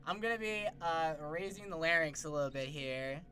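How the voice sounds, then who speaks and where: A man's voice: a little high, animated, moderate pace, sharp tone. A man streaming live from home into a desk mic, chatting loosely with his viewers, swearing often and scattered in his thoughts. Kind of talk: casual live-stream chat. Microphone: desk microphone.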